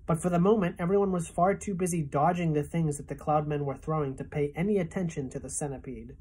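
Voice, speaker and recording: Woman teacher, storybook read-aloud, expressive, husky and low-pitched. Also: quick pace, few pauses. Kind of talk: reading a children's novel aloud.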